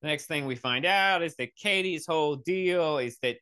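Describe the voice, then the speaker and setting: A man's voice: a little high, normal speed, bright, forceful tone, smooth. A man hosting a podcast, reviewing a movie in an exasperated, rambling, sarcastic way and swearing often. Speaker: podcast host. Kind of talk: comedic movie review rant.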